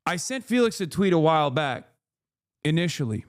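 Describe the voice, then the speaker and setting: A man's voice: a little high, sing-song, normal speed, no room sound, studio quality. Profane, emphatic male streamer ranting. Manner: profane, emphatic, keeps asking "okay?". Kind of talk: casual commentary rant.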